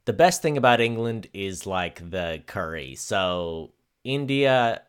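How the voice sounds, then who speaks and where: Male comedy podcast co-host, deep and animated, quick mock voices. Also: clean tone. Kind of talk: casual comedic banter.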